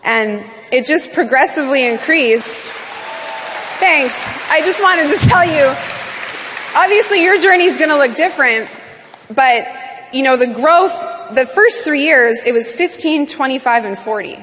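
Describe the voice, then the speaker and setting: A woman from Canada giving a talk to an audience, animated and full of fillers. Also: high voice, a little slow, a faint crowd, slight background noise. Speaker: business speaker. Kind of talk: speech to an audience. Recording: long hall reverb.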